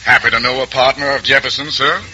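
Pompous old patriarch, booming and courtly, in a noisy 1940s radio play. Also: male voice, fairly even intonation, fast, sharp tone. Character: blustery older Southern father, proud of the South.

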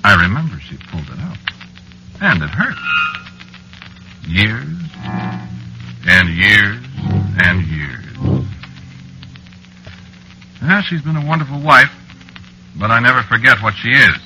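A man's voice: on the low side, very animated, slow pace, pauses often, sharp tone, faint music behind, heavily acted, rough recording. An actor narrating as an ageless man married to a witch in an old-time radio drama, wistful in telling and flustered in dialogue. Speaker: narrator and lead character.

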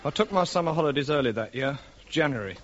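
Man narrating a comic radio sketch, high and lively. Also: fast talker. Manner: melodramatic storyteller, deadpan asides. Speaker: comedy performer. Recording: lo-fi old radio recording, heavy hiss.

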